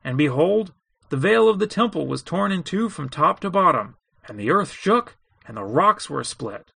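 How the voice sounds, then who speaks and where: A man reading scripture aloud in a steady, measured way, acting out the quoted lines with drama. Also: a little high, creaky, breathy edge, no room sound. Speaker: Bible reader.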